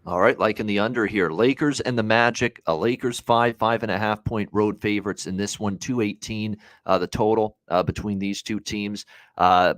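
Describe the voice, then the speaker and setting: Low-voiced man hosting a betting show. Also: fairly even intonation, normal speed, fairly bright tone, no echo. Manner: blunt, many "uh" fillers, rattles off scores. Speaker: sports betting show host. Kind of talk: casual sports betting talk.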